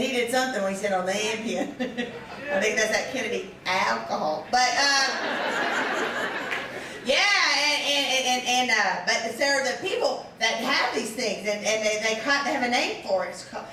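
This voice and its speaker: Recorded from afar in an echoey live room, a woman in her fifties does stand-up at normal speed in a fairly high voice over a noisy background. Her routine is rambling and self-deprecating, packed with fillers and false starts, and the audience laughs along.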